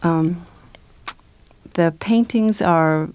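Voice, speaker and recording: A woman's voice: on the low side, drawn-out words, a little mellow, smooth. A woman guest in a radio interview, talking about her work with many fillers, restarts and easy laughter. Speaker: guest, children's book author and illustrator.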